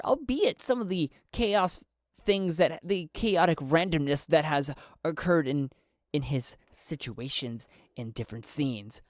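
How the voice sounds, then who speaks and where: A man narrating his solo tabletop role-playing game in a relaxed way, thinking aloud as he goes. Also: a little high, no room sound, clean studio sound.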